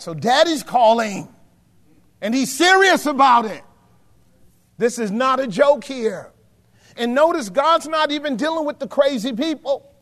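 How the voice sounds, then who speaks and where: Pastor, male, high pitch, sermon delivery with shouted peaks, reverberant hall. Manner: call-and-response preaching, swings from hushed to shouting.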